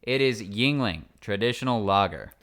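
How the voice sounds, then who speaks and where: A man's voice: fairly low pitch, lively intonation, normal speed, a bit bright. A man hosting a podcast in casual chat, playful and joking as he runs promos and talks with his co-host.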